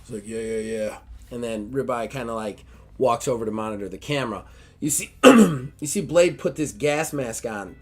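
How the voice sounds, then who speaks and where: A man's voice: medium pitch, expressive, moderate pace, breathy edge. A man game master narrating a tabletop game in a rambling, filler-heavy way.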